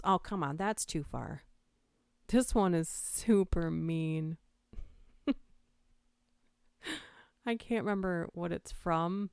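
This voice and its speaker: A woman's voice: deep voice, a little slow, gravelly, long pauses, a little mellow, no echo, studio quality. A woman hosting a casual livestream from home, chatting and giggling, with a slightly stuffy nose from allergies. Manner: giggly, chatty, whispers the creepy lines. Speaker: livestream host. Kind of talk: casual livestream chat, reading creepy lines aloud. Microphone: close microphone.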